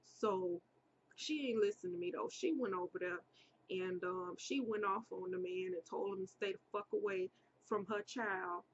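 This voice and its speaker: A young woman telling a personal story in a casual, animated way, jumping up high when she quotes people. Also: normal speed, highs cut off, a little hiss or hum. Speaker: vlogger.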